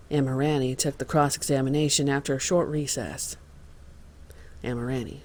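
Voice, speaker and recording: A man's voice: mid-range voice, fairly even intonation, normal speed. Matter-of-fact true-crime narrator, male.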